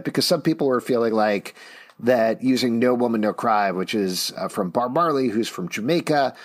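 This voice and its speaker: A man in his thirties, co-hosting a podcast, talking eagerly and often chuckling in casual discussion. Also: lowish voice. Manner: animated, enthusiastic, chuckles often. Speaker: podcast co-host.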